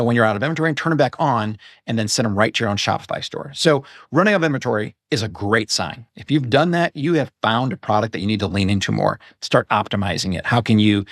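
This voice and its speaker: Guy guesting on a biz podcast, chatty, wanders off topic, mid pitch, dry close mic. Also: no room sound. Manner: talkative and digressive, with self-corrections. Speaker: podcast guest, e-commerce business owner. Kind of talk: casual interview chat.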